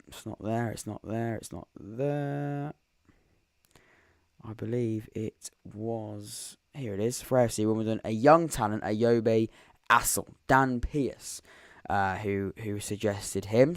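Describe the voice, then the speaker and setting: A man's voice: fairly low pitch, dry recording, clean studio sound. A young man hosting a live football podcast, chatting casually and thinking aloud as he reads viewer comments. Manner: rambling, thinks aloud while reading comments. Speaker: podcast host. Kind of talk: live-stream football chat.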